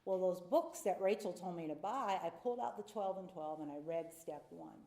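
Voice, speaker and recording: A middle-aged woman speaks from a podium in an echoey meeting hall, her voice dark and mellow and pitched a little low. She tells her story in a candid, confessional way, sometimes acting out voices. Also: a little fast, hardly any pauses. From North Carolina. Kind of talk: personal recovery talk from a podium.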